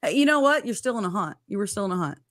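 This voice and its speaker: A woman's voice: mid-range voice, big pitch swings, rapid-fire, fairly bright tone. A woman hosting a casual livestream chat, reading viewer comments aloud and laughing often. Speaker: host.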